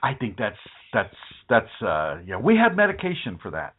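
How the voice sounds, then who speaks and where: A man's voice: fairly low pitch, huge pitch swings, normal speed, breathy edge, full character voice. A man voicing a dismissive psychiatrist who speaks in an offhand way, heard over a phone-like line. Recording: phone-like narrow sound.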